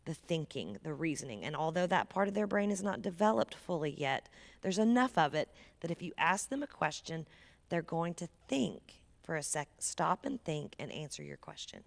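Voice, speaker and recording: A woman with a somewhat low, gravelly voice gives an earnest parenting talk to a church audience. She speaks conversationally and drops to a near whisper to stress a point. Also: very animated, normal speed. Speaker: guest speaker.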